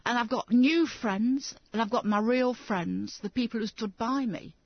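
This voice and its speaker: A woman's voice: fairly high pitch, a little slow, no room sound. A middle-aged English woman telling her personal story emphatically in an interview, acting out what others said. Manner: emphatic, acts out others' lines when quoting. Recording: dull lo-fi recording.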